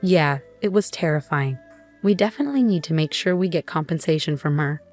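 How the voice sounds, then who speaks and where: A scheming sister full of self-pity, always complaining and demanding, read by a woman in her plain voice. The voice sits low for a woman. Faint music runs behind. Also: fairly quick, a little mellow. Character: self-pitying scheming young-adult sister.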